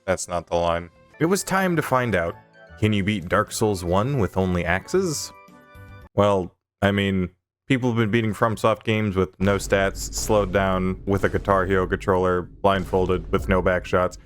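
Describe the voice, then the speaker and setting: A man's voice: deep voice, measured pace, faint music behind. A young man giving comedic gameplay commentary, joking and self-mocking with stammered restarts. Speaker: gaming youtuber.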